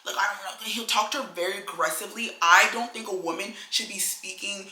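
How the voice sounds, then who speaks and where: A young woman gives blunt, animated advice in casual chat, her voice very bright. The room around her is echoey. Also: quick pace. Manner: animated, blunt, filler-heavy with "like" and "low-key". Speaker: co-host.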